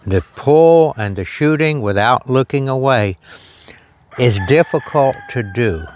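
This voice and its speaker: A man demonstrating archery outdoors on a shirt lavalier, talking slowly and plainly and drifting into preacherly reflections on faith. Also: mid-range voice, a little hiss or hum. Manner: slow, plain-spoken, preacherly asides. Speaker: archery vlogger. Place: outdoors on a rural property.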